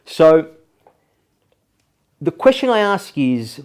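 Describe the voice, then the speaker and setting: A man's voice: mid-range voice, lively intonation, moderate pace, a little mellow. A man hosting a business advice show, talking energetically and persuasively, often ending points with "okay?". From Australia. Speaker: host.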